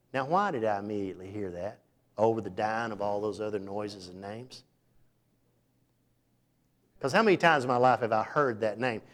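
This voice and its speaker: Folksy preacher, soft and loud. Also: male voice, medium pitch. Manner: folksy, conversational preaching with sudden loud bursts and hushed asides. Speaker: pastor. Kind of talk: sermon.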